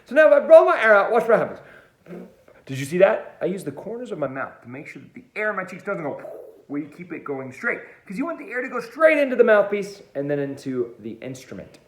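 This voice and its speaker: Speaking straight to the camera, an energetic male music teacher gives an online music lesson for kids in a quick, lively, high voice that jumps all over. His upbeat, playful delivery rings out in a roomy, echoing space.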